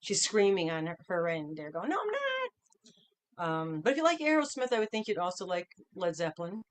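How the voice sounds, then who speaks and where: Speaking fairly quickly in a lowish, expressive voice, a middle-aged livestream host chats cheerfully from home. She welcomes her viewers by name, one after the next.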